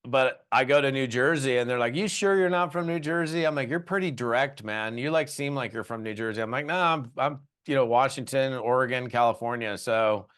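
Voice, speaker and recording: A man's voice: medium pitch, fairly quick, few pauses, fairly bright tone, clear, resonant tone. A man from the US West Coast hosting an interview podcast, chatting casually and joking with his guest. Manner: jokey, friendly, says "you know" and "uh" a lot. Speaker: podcast host.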